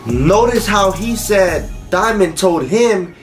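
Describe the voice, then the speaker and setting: A male reaction host who talks slowly but swings his pitch widely. He keeps stopping a clip to demand answers. Faint music sits underneath his voice. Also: lively intonation. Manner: questioning, challenging, pauses the clip. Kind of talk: commentary on a played clip.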